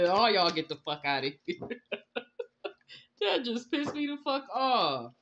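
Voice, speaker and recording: Her mid-range, fairly bright voice swings widely in pitch and moves slowly. She's a tarot reader giving a casual, blunt, profane reading, laughing and scolding along the way, captured in slightly dull lo-fi sound.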